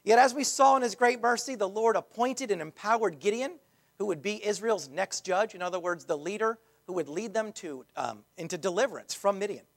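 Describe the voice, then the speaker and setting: A pastor delivers his sermon in a gravelly, creaky voice. He speaks conversationally, restarting phrases and dropping in casual asides as he works through his message. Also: sits high, brisk.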